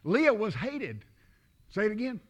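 A man preaching a sermon, talking to the congregation as if in conversation and swinging between loud declaring and quiet asides. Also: high voice, wildly swooping pitch, unhurried. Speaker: pastor. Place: church.

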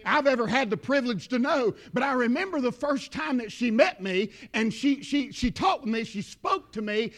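A man with a Southern accent preaching a sermon as pastor, emphatic, repeating words and calling out amens. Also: very high-pitched.

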